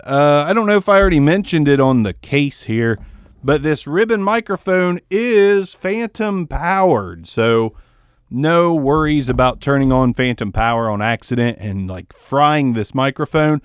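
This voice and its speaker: At his desk, a man from the American South casually reviews a ribbon microphone, held close and moved around, rambling and making self-deprecating jokes while toning down his Southern accent. His voice is fairly high and animated, a little slow, with a clean tone. The studio-quality recording has no echo.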